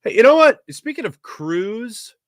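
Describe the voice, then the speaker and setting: A man's voice: very high voice, measured pace, no echo, clean studio sound. A man hosting a sports talk show, chatting casually and rambling with jokes while he answers viewer comments. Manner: animated, rambling, jokey.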